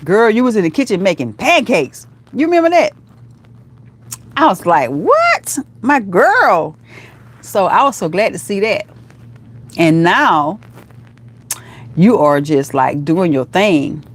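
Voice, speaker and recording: A middle-aged woman hosts her live stream in an easy, chatty way, calling her viewers girl and honey. Her voice sits a little low for a woman. She keeps the talk lively and encouraging. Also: measured pace. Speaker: vlogger hosting a livestream. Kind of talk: casual livestream chat reading comments.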